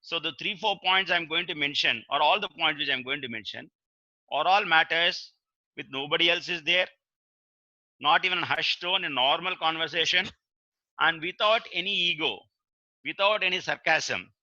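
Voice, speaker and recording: An older Indian man, a senior advocate with an Indian English accent, gives an earnest reminiscing webinar lecture telling courtroom stories and quoting courtroom exchanges, with many filler uhs. His voice is on the high side, bright and forceful, at a moderate pace. The audio from his webinar computer mic is dry and muffled, with no echo.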